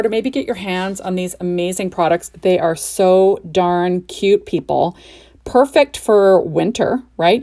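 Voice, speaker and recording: Gravelly chatty woman crafter. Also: lowish voice, a little mellow. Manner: chatty, enthusiastic, often asks "right?". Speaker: crafting video host. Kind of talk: card-making tutorial narration.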